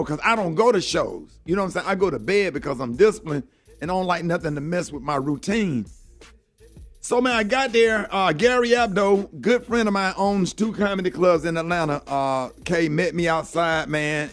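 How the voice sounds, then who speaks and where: At a normal speed and fairly high pitch, a middle-aged man on a morning radio show tells an earnest, heartfelt story, sprinkling in "man" and "you know" often. Faint music plays in the background.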